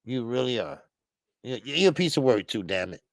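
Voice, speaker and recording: A man's voice: mid-range voice, moderate pace, no room sound. Heated male boxing show host. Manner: heated, animated, repetitive fillers. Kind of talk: casual opinionated commentary.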